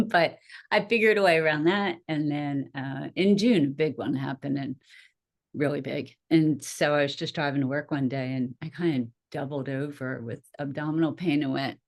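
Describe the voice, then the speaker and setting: A middle-aged woman, a nurse and minister, telling her story as a podcast guest in a chatty, expressive way with frequent laughs. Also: low-pitched, normal speed. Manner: chatty and expressive, laughs often, acts out her own past reactions. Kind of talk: casual interview storytelling.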